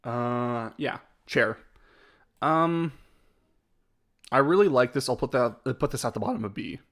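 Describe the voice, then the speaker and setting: A man's voice: medium pitch, expressive, a little slow, fairly bright tone. A man chatting casually on a live stream as he ranks his own videos, rambling and hesitant and often laughing.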